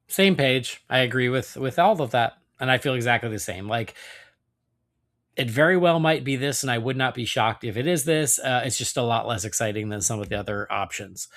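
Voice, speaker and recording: A man's voice: mid-range voice, fairly quick, fairly bright tone. A man hosting a casual podcast chat, talking loosely with lots of fillers and hedges. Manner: chatty, hedging with many fillers.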